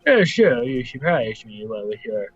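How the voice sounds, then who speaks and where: A man's voice: mid-range voice, sing-song, a little slow, highs cut off, faint music behind. A man voicing a pompous, kindly older male lawyer, reading his lines in a drawling, mock-formal way.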